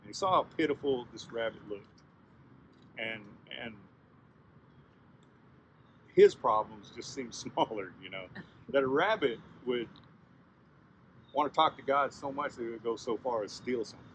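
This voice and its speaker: A man telling a traditional story in a conversational, animated way, often turning to address his listeners directly. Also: mid-range voice, moderate pace, long pauses, a little hiss or hum. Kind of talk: oral storytelling.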